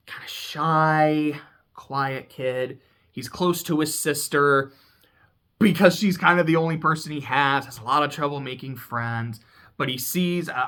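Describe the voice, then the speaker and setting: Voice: mid-range voice, pushed and bright. Laid-back, profane game recapper with laughing asides. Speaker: YouTuber.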